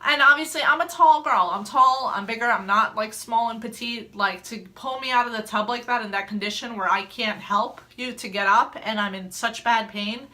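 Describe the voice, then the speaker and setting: A young adult woman telling a personal story in a casual vlog, animated and laughing often as she acts out her own quotes. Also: on the high side, moderate pace, few pauses. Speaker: mom vlogger telling a story.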